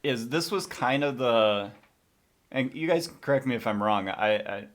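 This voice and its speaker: A man's voice: medium pitch, expressive, measured pace. Chatty, opinionated male podcast co-host. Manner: chatty, opinionated, laughs easily. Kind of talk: casual movie discussion.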